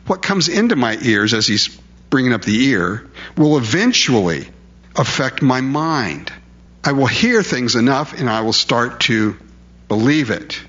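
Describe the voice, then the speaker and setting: A man's voice: medium pitch, big pitch swings, unhurried, fairly bright tone, lo-fi sound. A male preacher delivering a sermon in an emphatic, conversational way, full of rhetorical questions.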